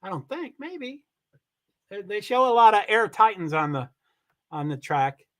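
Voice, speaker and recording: A man hosting a livestream, giving rambling, chatty commentary on a car race and swearing when he gets excited. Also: sits high, measured pace. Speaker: livestream host. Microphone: computer mic on a streaming call.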